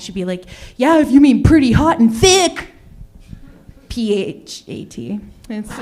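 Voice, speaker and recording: A young woman works an open mic stand-up set in a small comedy venue. She rambles, mocks herself and keeps chatting with the crowd, and she often breaks off into "oh my goodness." Her voice sits at an ordinary middle pitch. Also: darkish tone. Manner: rambling, self-mocking, chats with the crowd. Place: small comedy venue in front of a live audience.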